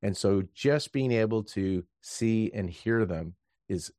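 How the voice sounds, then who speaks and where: A low-voiced man hosts an interview, reflecting on and affirming what his guest says. The sound is dry, with no room echo. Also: slow pace, mellow. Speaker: host. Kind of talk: conversational interview.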